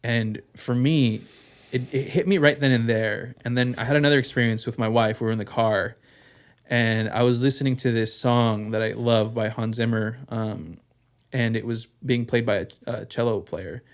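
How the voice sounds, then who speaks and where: A young man on a casual podcast talks candidly at an ordinary pitch. He rambles through his thoughts, piles on fillers like "um" and "like", and swears without holding back. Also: steady tone, normal speed. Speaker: podcast co-host.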